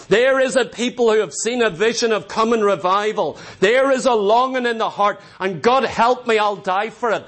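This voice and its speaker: A man with a notably high voice preaches a revival sermon. He is impassioned and emphatic and drives each point home by repeating it. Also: fairly bright tone.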